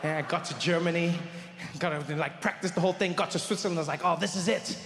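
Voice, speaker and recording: A middle-aged man telling an animated stand-up story on a theater stage. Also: fairly high pitch, quick pace, soft background music. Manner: animated, acts out voices. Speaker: stand-up comedian. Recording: stage mic in a reverberant hall. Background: audience ambience.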